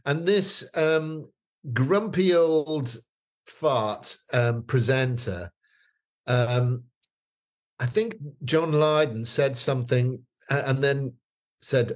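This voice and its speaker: A man's voice: medium pitch, measured pace. A man, telling stories as a guest in a casual chat, rambling with many fillers and restarts. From northeast England.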